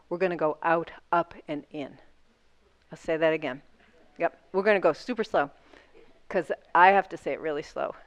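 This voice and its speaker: A woman's voice: lowish voice, no room sound. A woman instructor guiding a seated yoga class, talking through each movement step by step in an encouraging way.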